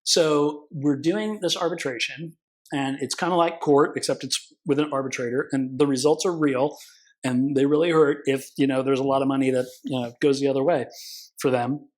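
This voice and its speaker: A man's voice: medium pitch, fairly even intonation, normal speed, rough recording. Rich: A man in an interview telling war stories from his law practice with plenty of animation. He jumps into the voices of the people he quotes, swears casually and keeps the talk loose and conversational. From California. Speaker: consumer protection attorney, guest.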